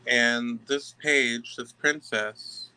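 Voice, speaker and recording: A man giving a tarot reading to camera, emphatic and halting, often stopping to restart his sentences. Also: mid-range voice, steady tone, bright, forceful tone, clean tone, low-quality recording. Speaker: tarot reader.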